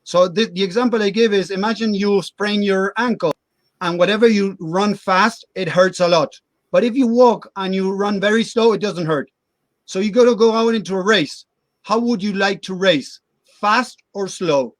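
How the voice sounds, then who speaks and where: A man's voice: sits high, moderate pace, dry recording. A middle-aged man, a guest coach in a casual interview, explaining his views earnestly with everyday examples.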